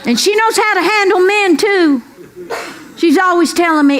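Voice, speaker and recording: A woman's voice: extremely high pitch, moderate pace, fairly bright tone. A middle-aged woman from Kentucky with a Southern accent, doing a brash, folksy stand-up routine full of Southern slang. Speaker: stand-up comedian. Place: comedy club stage before a laughing audience. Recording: live club recording with crowd noise.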